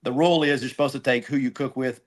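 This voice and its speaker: A middle-aged man, a barbecue cook telling a story on a podcast in a casual, animated way, acting out phone calls. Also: medium pitch, quick pace. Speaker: guest, barbecue team cook.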